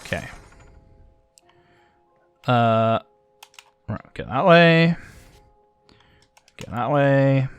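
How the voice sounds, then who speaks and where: A man's voice: medium pitch, animated, extremely slow, pauses often, clean tone, no room sound, faint music behind. A man with an Australian accent giving casual, self-deprecating let's-play commentary, thinking aloud as he plays. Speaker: gaming channel host.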